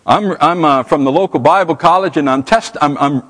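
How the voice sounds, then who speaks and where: A man's voice: a little high, a little fast, fairly bright tone, pitched above the performer's own voice. A man voicing an eager young male Bible student who stammers earnestly, in a reverberant hall.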